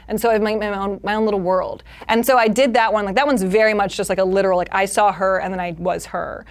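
A woman's voice: medium pitch, quick pace, hardly any pauses. A woman comedian in a casual interview, talking animatedly and slipping into character voices. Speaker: comedian guest.

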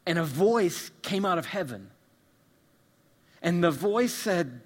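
A male pastor preaching a sermon, swinging from hushed, intimate lines to loud, emphatic repetition. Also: high voice, expressive, slow, long pauses. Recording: long reverb of a large hall.

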